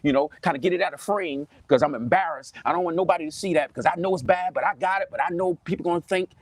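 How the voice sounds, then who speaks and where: A man preaching to camera in a Southern US accent, animated and mocking, often repeating himself. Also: on the high side, quick pace, no room sound. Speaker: pastor. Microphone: webcam or phone on a desk, livestream.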